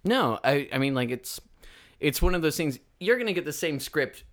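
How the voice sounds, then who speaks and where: An actor guesting on a comedy podcast chats in a fairly high, sing-song voice with a fairly bright tone at normal speed. He's easygoing and rambling, laughing often throughout the casual conversation.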